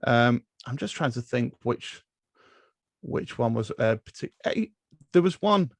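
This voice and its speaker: With a mid-range voice, some vocal fry, and an animated but unhurried delivery, an English man chats about films as a podcast guest. He's hesitant, laughing often amid fillers and restarts. There's no room sound.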